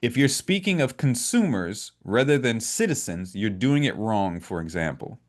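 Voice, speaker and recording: A man co-hosting a political talk show, speaking in a measured, hesitant way with a dry humor. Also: medium pitch, sing-song. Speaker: podcast co-host.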